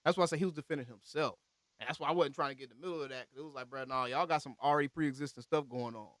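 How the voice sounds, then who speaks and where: A man hosting a live call-in stream, talking casually in animated slang with loud exclamations. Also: medium pitch, very fast, no echo. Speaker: host of a fan channel live call-in show.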